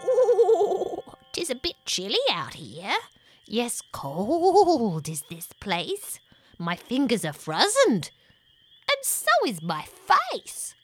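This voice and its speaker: A woman voicing a playful, mud-loving young female ghost creature in a sing-song, squeaky storybook voice. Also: wildly swooping pitch, slow pace, husky, faint music behind, heavily acted. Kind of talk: storybook audio reading.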